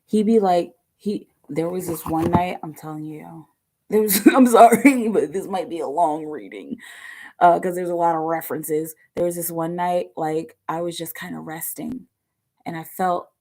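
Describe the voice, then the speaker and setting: A woman with a tired, bass-heavy voice, rambling chattily with many fillers as she gives a live online tarot reading. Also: moderate pace, a little mellow. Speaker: tarot reader.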